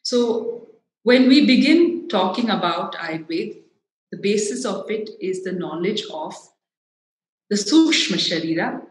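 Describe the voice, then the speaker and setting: A woman with a South Indian English accent gives an earnest, emphatic talk, explaining step by step. Her voice sits at a middle pitch and rings through an echoey hall. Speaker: speaker giving a talk. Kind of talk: public talk.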